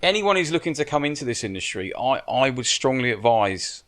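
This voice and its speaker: A man's voice: medium pitch, big pitch swings, fairly quick, fairly bright tone. A man giving casual podcast advice as a guest, frank and blunt, swearing and restarting his sentences often. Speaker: stunt coordinator and military adviser, guest.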